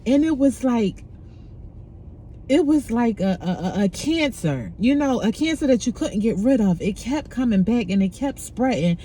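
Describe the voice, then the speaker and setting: A woman's voice: a little high, lively intonation, moderate pace, warm tone, a little hiss or hum. A middle-aged woman candidly sharing a painful personal story, frank and emotional, speaking casually with profanity.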